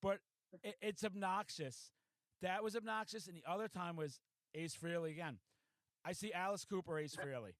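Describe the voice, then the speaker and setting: A man hosting a podcast in casual chat, telling stories in an excitable, profane rush. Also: sits high, normal speed, no echo. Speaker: podcast host.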